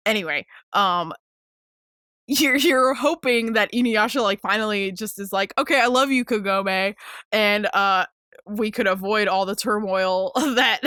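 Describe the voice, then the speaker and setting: Excitable young woman podcaster, bright voice. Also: medium pitch, dry recording, clean studio sound. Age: 20s. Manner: excitable, swears freely, laughs a lot, many fillers. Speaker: podcast host. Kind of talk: casual solo podcast chat.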